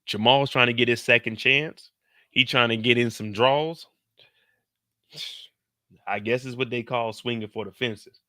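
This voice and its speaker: Male recap host, unhurried, slangy storyteller, crisp edge, no room sound. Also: medium pitch, dry recording, studio quality. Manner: slangy, animated, quotes characters in put-on voices; talks slower than in his live streams.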